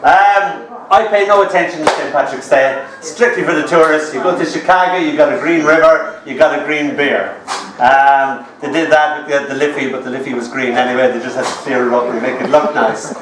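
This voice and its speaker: A man's voice: on the high side, steady tone, a little fast, noisy background. A man in his fifties with an Irish accent, telling comic stories and teasing his audience in a wry, chatty way. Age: 50s. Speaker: storyteller. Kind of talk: live comic storytelling. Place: bar. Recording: roomy sound from a distant mic.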